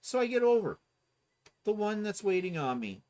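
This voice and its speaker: A man's voice: sits high, sing-song, normal speed. A man co-hosting a casual chat, animatedly telling a story and mimicking other people. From Ontario, Canada. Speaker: co-host.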